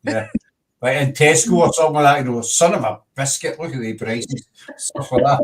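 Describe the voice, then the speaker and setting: A man's voice: mid-range voice, a little fast. A Scottish man hosting a casual chat show, teasing his guests and laughing often. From Scotland. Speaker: host.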